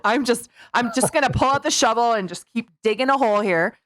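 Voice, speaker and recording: A woman's voice: a little high, fairly quick, a bit bright, no room sound, studio quality. A woman hosting a podcast, sarcastic and giggly, rambling through her points. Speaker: podcast host. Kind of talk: casual comedic political chat.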